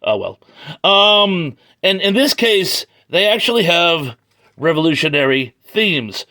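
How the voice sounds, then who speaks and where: Bright-voiced jokey man reviewing comics. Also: on the high side, sing-song, takes it slowly. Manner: joking, chatty, wry asides. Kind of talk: casual read-through review. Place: home garage.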